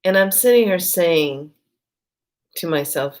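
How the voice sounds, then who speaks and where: Slow-talking low-voiced woman vlogger. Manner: storytelling, quoting herself and others in lively bursts. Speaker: spiritual vlogger. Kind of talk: casual spiritual talk to camera.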